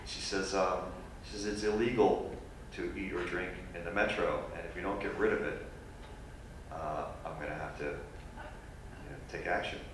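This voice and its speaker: A man telling a funny personal story as a guest speaker at a university lecture, animated and self-deprecating. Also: sits low, moderate pace, background noise. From New York. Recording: echoey hall recorded from far off.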